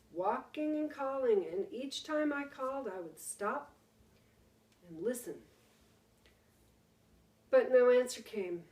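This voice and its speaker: A woman teacher reads a story aloud to her class, slowly and dramatically, dropping to a hush at the tense moments. Her voice is a little high, and it sounds roomy and distant from the mic. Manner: slow, dramatic reading with hushed pauses.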